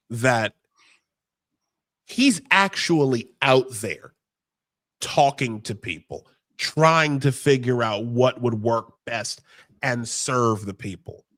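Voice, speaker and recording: A man's voice: mid-range voice, a bit bright, no echo, studio quality. A man co-hosting a podcast who talks politics casually and keeps restarting his sentences. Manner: hesitant, restarts sentences often. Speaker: podcast co-host.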